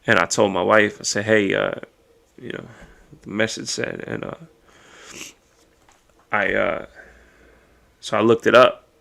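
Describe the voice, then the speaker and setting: Gravel-voiced man in a raw podcast monologue. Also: on the low side, fairly even intonation, measured pace, long pauses, bright, forceful tone. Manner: raw, emotional and profane, thinking aloud. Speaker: podcast host. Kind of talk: personal monologue.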